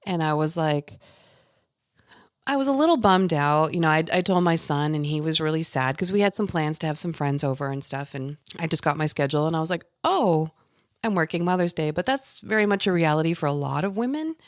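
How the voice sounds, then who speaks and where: A woman's voice: deep voice, lively intonation, brisk, no echo, studio quality. A woman in her thirties co-hosting a podcast, telling stories animatedly with frequent laughter and casual swearing. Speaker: podcast co-host. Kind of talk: casual chat.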